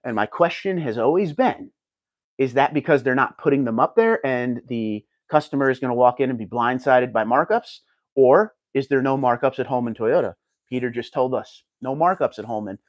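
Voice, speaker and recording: A man's voice: mid-range voice, moderate pace, dry recording, highs cut off. A man hosting a casual livestream, chatting and reading viewer comments aloud. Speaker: livestream host reading chat.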